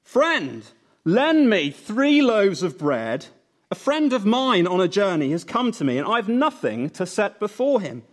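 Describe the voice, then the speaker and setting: A man's voice: high voice, huge pitch swings, slow, full character voice. A man putting on a brash, pushy neighbor. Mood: bold pleading. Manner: bold, loud and pushy. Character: brash confident man who ignores social protocol.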